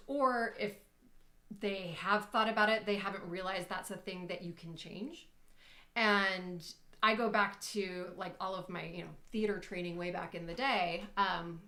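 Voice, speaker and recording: A young adult woman, a communication coach, chatting on a live stream, laughing easily and thinking out loud. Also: mid-range voice. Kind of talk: casual live-stream chat.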